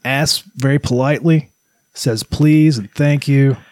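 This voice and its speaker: A man's voice: mid-range voice, a little slow, darkish tone, no echo. A man co-hosting a casual podcast who talks with dry, sardonic humor. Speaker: podcast co-host. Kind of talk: casual chat.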